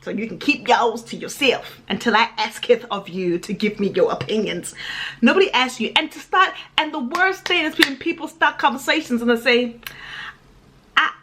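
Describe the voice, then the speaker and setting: A woman's voice: on the high side, normal speed. A woman talking straight to camera in a casual vlog, sassy and emphatic, stacking up repeated phrases. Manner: sassy and emphatic, lively repetitions. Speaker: vlogger.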